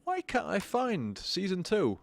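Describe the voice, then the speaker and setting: A man's voice: high-pitched, wildly swooping pitch, a little slow, vocal fry, no room sound. Drunk young guy on a live game stream, rambly and sweary, keeps repeating himself, dry close sound.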